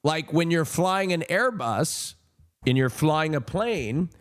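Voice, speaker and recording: A young man streaming, telling a rambling casual story with sudden high joking outbursts. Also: expressive, slow.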